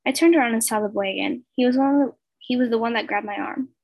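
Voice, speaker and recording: Talking fast with vocal fry in a fairly high voice, a young woman who's likely a teenager reads fan fiction aloud at home in her bedroom over a laptop video call. She sounds casual and hesitant, with stumbles and fillers, and the audio is dull.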